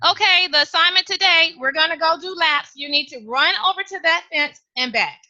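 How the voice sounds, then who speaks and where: A woman voicing a brisk gym teacher calling out orders to a class. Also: very high-pitched, pushed and bright, highs cut off, pitched above the performer's own voice, heavily acted. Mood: commanding. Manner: brisk, commanding.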